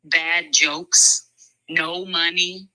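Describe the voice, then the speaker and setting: A woman's voice: on the low side, fairly even intonation, extremely slow, pushed and bright, dry recording, rough recording. A woman hosting a heated casual debate, blunt and sarcastic as she scolds the men. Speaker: show host.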